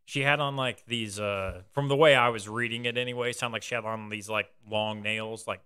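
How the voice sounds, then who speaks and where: A man's voice: on the low side, steady tone, a little fast, bright, forceful tone, smooth. A young man hosting a podcast in casual chat, rambling through a story with loose, swearing banter. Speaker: podcast host.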